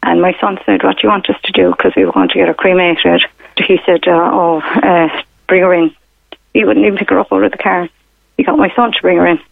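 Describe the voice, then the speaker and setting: This caller, a woman on a tinny phone, rambles hesitantly through a personal story on a radio phone-in, using lots of fillers and repeated quotes. Her fairly low voice is expressive, creaky and fairly quick, without echo.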